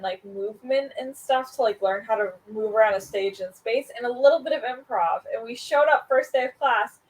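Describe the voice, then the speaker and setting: A woman's voice: fairly high pitch, poor audio. A woman co-hosting a casual podcast, telling a story with a giggly manner. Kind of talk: casual chat.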